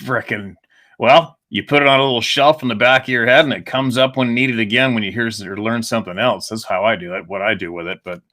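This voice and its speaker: A man hosting a casual chat, blunt and quick to swear. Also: mid-range voice, sharp tone. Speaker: host.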